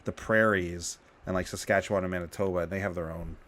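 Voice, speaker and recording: Low-voiced Canadian male co-host, loose rambling chat. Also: steady tone, quick pace, a bit bright. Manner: rambling, laughs often, says like and you know. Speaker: podcast co-host. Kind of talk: casual chat.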